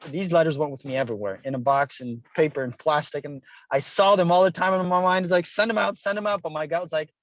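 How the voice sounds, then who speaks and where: A man's voice: fairly high pitch, quick pace, dry recording, lo-fi sound. A middle-aged man, a guest author, telling a personal story with earnest feeling and acted-out dialogue. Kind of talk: interview storytelling. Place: Hilo, Hawaii.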